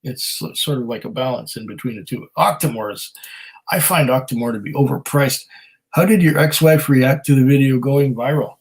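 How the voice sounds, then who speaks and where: On a livestream for his whisky channel, a man reads viewer comments aloud in a mid-range voice at a moderate pace. He rambles in a self-deprecating way, with many fillers and laughs, over a rough recording.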